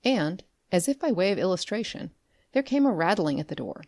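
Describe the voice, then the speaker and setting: A woman narrating a classic story as an audiobook, with expressive storytelling. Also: fairly low pitch, normal speed, no echo, studio quality. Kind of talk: scripted narration.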